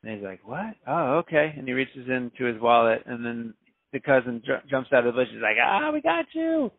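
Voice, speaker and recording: A man's voice: mid-range voice, fairly quick, no echo. A man, a DJ, telling a story casually and acting out the voices of the people in it. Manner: animated, acts out quoted voices. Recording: dry, phone-like narrow sound.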